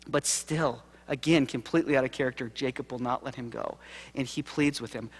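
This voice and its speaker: A man giving a sermon-style keynote, telling a story with acted quotes and swinging from loud to hushed. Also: mid-range voice, fairly even intonation, brisk. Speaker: keynote speaker. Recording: live lecture hall reverb.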